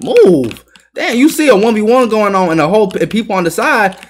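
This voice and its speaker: A young male gamer talks over his own gameplay, taunting other players, cursing and breaking into yells when a play goes wrong. His voice is a little husky. His pitch jumps around a lot from line to line. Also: very animated, fairly quick. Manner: trash-talking, swearing, yelling at other players. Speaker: gaming YouTuber. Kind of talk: live gameplay commentary.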